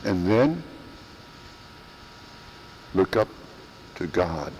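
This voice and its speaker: Slow, emphatic male preacher in a hall. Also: deep voice, big pitch swings, a little mellow, a little hiss or hum. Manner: slow, emphatic, repeats phrases for stress. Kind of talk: sermon. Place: church.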